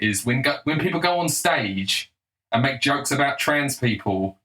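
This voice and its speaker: A man ranting in solo commentary with heat and scorn, hammering each point. His voice is bright and forceful and sits at an ordinary male pitch. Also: rough recording. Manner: heated, scornful, emphatic. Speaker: political commentator.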